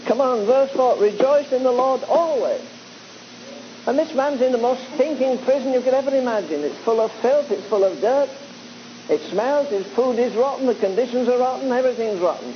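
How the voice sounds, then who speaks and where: A man's voice: very high voice, a little fast. A man preaching to a live congregation in a church, conversational and exhorting, teasing his listeners. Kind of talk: sermon. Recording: dull lo-fi recording with faint hiss.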